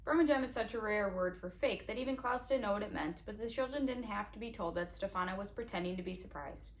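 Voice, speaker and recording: A woman's voice: medium pitch, quick pace, slight background noise. A woman reading a children's novel aloud in a casual way, with small slips and restarts. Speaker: audiobook reader.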